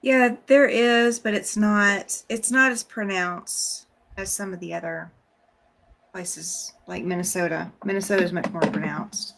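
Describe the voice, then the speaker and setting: A woman of middle pitch speaks in an unhurried, matter-of-fact way. Her voice comes through a video call with a faint hiss of noise behind it. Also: fairly even intonation, vocal fry, fairly bright tone. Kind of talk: casual chat.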